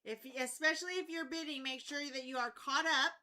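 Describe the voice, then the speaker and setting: A woman's voice: high voice, steady tone, a little fast, sharp tone. A woman co-hosting a live auction stream, giving payment and bidding reminders and teasing the host. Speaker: co-host handling auction rules and chat. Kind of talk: casual reminders and banter.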